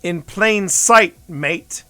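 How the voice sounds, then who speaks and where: A man voicing a bold, blunt young woman traveler who speaks slowly and plainly. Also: high voice, bright, forceful tone, soft background music, heavily acted.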